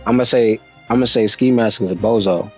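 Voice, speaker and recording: A man's voice: fairly low pitch, a little fast, a little mellow, faint music behind, rough recording. A young man chatting casually on a game stream, laid-back and slangy, talking to his viewers.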